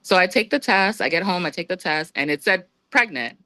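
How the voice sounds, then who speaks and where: A woman guest on a podcast, telling a personal story in a casual, lively way and acting out what others said. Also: fairly quick, no echo. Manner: lively, acts out quoted voices with big pitch jumps.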